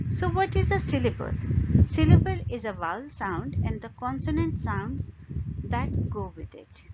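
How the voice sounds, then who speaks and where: A woman giving an English pronunciation lesson, explaining rules slowly and modelling words with pauses between phrases. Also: on the high side. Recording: dull lo-fi recording with loud noise.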